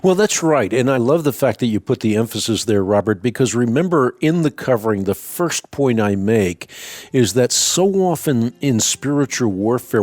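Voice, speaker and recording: A middle-aged man hosting a radio call-in show, answering a caller with measured, earnest teaching. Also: mid-range voice, a little mellow. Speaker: radio Bible answer host.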